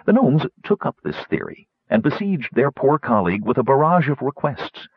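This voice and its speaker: A man narrating a fantasy story in an expressive reading voice. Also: medium pitch, moderate pace, slightly rough, dry recording. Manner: expressive, voicing many characters. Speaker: audiobook narrator. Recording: dull lo-fi audiobook recording.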